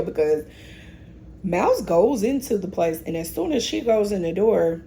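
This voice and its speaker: A woman's voice: mid-range voice, sing-song, unhurried, vocal fry, warm tone, slight background noise. A woman recapping a TV episode in a casual, opinionated way, often talking straight to the characters. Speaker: TV recap host.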